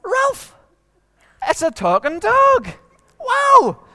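A man voicing an excited little orphan boy who talks in a squeaky, wide-eyed way. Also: measured pace, long reverb tail, full character voice. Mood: amazed.

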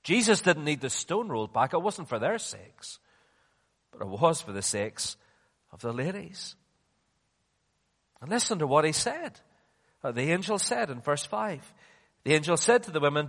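Male preacher, high-pitched, deliberate slow delivery with hushed lows, long hall reverb. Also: very animated. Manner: slow and emphatic, dropping to near-hushed tones then rising. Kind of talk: sermon.

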